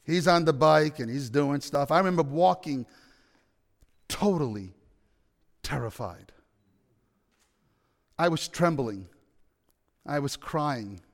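High-voiced preacher guy telling a story, does all the voices, asks the crowd stuff. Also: measured pace, big-room sound. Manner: animated storyteller, acts out dialogue, asks the audience questions. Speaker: pastor. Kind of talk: storytelling sermon.

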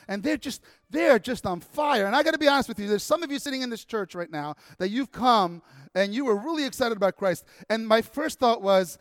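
High-voiced animated male pastor. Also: a little fast, clean studio sound. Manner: animated, conversational, rising to excited outbursts. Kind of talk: storytelling sermon. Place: church. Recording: long church hall reverb.

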